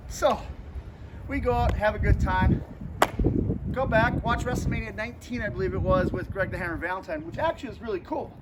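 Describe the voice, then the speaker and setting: A high-voiced man, a vlogger and pro wrestler, tells a vlog story at a brisk pace. He's a lively storyteller who acts out the people he quotes. There's noisy ambient sound in the background.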